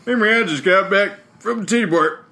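A man playing a crude, boastful guest dressed as Santa in an improvised comedy bit, loud and goofy. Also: high voice, a little fast, pitched above the performer's own voice. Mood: brash.

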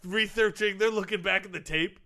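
A man in a comedic talk segment, rambling through gossip with deadpan jokes. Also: high-pitched, brisk. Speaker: comedy panel guest. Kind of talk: comedic improvised banter.

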